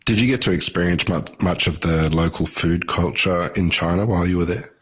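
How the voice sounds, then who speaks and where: A man's voice: low voice, fairly quick, fairly bright tone, breathy edge. A man hosting a podcast, asking short, direct interview questions. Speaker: podcast host.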